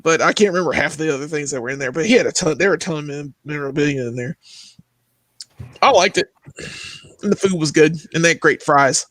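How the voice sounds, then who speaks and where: Young guy on a movie podcast, high voice swooping all over, dry close sound. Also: fast talker, no echo. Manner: animated, jumps into high exclaiming tones. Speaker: podcast co-host. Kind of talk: casual chat.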